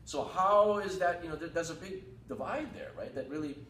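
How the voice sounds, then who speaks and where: A man hosting a casual talk show, asking questions in a joking, animated way. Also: a little high, fairly quick. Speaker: host. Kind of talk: casual interview chat. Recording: roomy, distant mic, faint noise.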